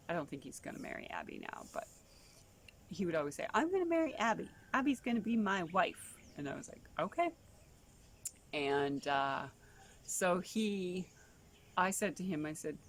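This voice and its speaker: A woman, a homeschooling mother, telling stories in a rambling casual way with lots of asides. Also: a little hiss or hum. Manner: chatty, rambling, full of "you know" asides; acts out quoted voices with big pitch jumps. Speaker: homeschooling mother and travel vlogger. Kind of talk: casual storytelling monologue.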